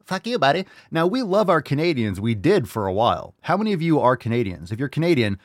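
A man hosting his own livestream podcast, delivering a loud, profane, jokey and hyped-up monologue. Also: medium pitch, very animated, fast, no room sound, clean studio sound. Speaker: podcast host. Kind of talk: brash comedic livestream monologue.

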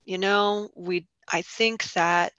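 A podcast host in casual conversation, agreeable and quick to affirm the guest. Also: mid-range voice, fairly even intonation, sharp tone, smooth, no echo. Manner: affirming, frequent agreement sounds. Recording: dull, dry, lo-fi sound.

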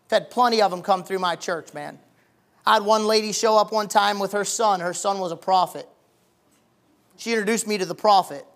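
Male pastor, folksy plain-spoken sermon, swings from hushed to fiery. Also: high voice, fairly quick. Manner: folksy preaching that swells from quiet talk to loud, emphatic fervor; colloquial, plain-spoken phrasing.

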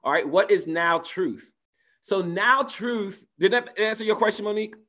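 A man's voice: high-pitched, normal speed, bright, forceful tone. A man teaching a spiritual class and answering participants' questions, talking conversationally, repeating phrases and asking "right?".

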